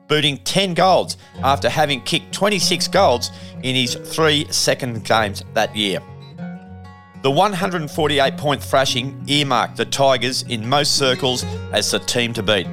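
A man with a mid-range voice narrates a sports history documentary. His read is steady and measured, moving evenly through names and margins. Faint guitar plays beneath. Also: mid-range voice. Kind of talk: scripted narration.

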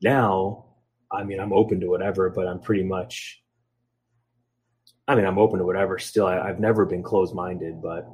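A man's voice: low voice, fairly even intonation, normal speed, pauses often, darkish tone, husky. A man in his thirties from Philadelphia, a guest on a podcast, telling rambling stories full of ums and acting out quotes as he goes. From Philadelphia, USA. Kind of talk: casual storytelling interview.

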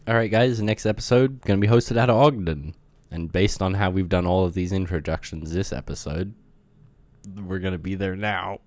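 A man with a very low voice co-hosting a podcast, blunt and wry and swearing freely. The recording is close and dry, with no room sound. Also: moderate pace, darkish tone, no room sound. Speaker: podcast co-host. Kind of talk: casual banter.

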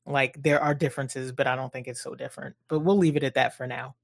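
A woman's voice: a bass voice, steady tone, fast, vocal fry. A woman co-hosting a casual book discussion podcast, retelling scenes with quoted dialogue. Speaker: podcast co-host.

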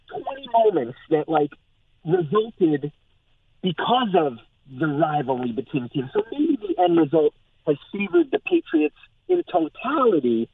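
A man reporting on football as a phone-in guest, talking in an animated, excited way with lots of "like". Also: on the high side. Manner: animated, filler-heavy, excited. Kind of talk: phone-in sports analysis. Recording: tinny phone line.

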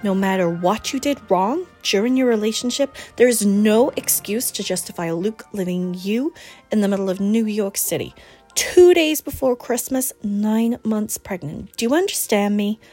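Woman doing a bright outspoken best friend, teasing and emphatic, a bit higher than her reading voice. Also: moderate pace, soft background music, close to an everyday voice.

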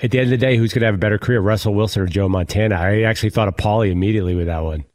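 A man's voice: on the low side, very fast, a little mellow. A man co-hosting a sports talk radio show, needling and arguing with the host. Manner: needling, argumentative.

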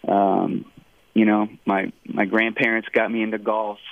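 A golfer in his fifties from Rhode Island, with a Rhode Island accent softened by a Southern lilt, talks in a rambling, halting way with laughs. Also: fairly low pitch, flat delivery, creaky, dry recording. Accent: Rhode Island mixed with Southern US. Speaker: pro golfer guest. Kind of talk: casual interview on a phone line. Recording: tinny phone line, dry.

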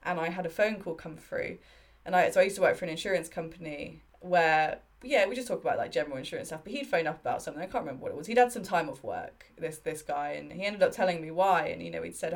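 Lower-pitched woman in her thirties, candid. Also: fast, creaky. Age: 30s. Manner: candid, heartfelt storytelling. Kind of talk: casual chat.

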